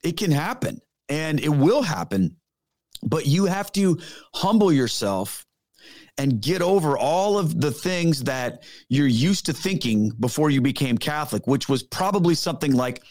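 Speaking at normal speed with a fairly high pitch and big swings in intonation, a middle-aged man who used to be a pastor tells stories as a podcast guest. He's earnest, emphatic and casual, and the recording is dry and studio-clean.

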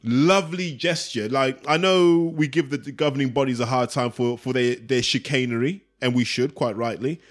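A man chatting casually as a podcast co-host, talking fast and animated. He bursts into put-on voices when he quotes people. His pitch sits in the middle. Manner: animated, acts out quotes in raised voice. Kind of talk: casual chat.

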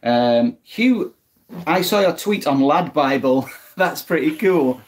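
A middle-aged co-host reads messages from the live chat in an easygoing way. Dry little comments follow each one. The voice sits at an ordinary, middling pitch, recorded at home in a living room. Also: lively intonation, slow pace. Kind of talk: casual chat.

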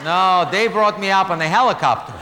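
A middle-aged man performs stand-up, his voice sitting high for a man. He tells a self-mocking story, breaking into loud gasping laugh bits. The live hall rings with long reverb and clear crowd noise behind him. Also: brisk. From Russia. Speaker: stand-up comedian. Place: live comedy venue. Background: audience laughter and room ambience.

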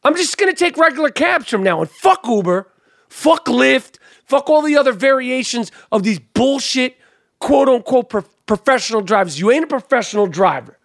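A man's voice: very high voice, expressive, normal speed, creaky, no echo, studio quality. A man hosting a podcast, telling stories in casual chat, heated and full of swearing. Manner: profane, heated storytelling. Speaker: podcast host.

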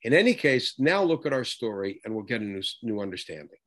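A man's voice: medium pitch, sing-song, quick pace. A man teaching a lesson on scripture, posing rhetorical questions and acting out the quoted lines. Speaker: Bible teacher. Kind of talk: lecture on scripture.

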